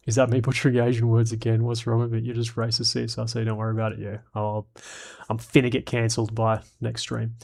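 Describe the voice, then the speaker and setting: A man's voice: mid-range voice, completely flat delivery, quick pace, creaky, a little mellow. A man streaming live, reading chat comments aloud and giving blunt, profane opinions in casual chat.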